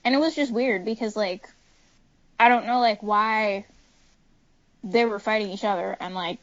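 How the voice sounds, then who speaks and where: A woman's voice: mid-range voice, moderate pace, a bit bright, no room sound. A woman on a podcast retelling a news story in a rambling way, full of fillers, on dry, dull lo-fi audio. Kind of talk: casual chat.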